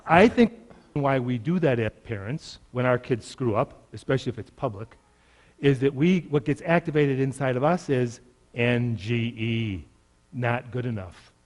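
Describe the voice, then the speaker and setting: A man's voice: mid-range voice, normal speed, long reverb tail. A middle-aged man presenting at a parenting workshop, explaining ideas in a reflective way. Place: large conference room.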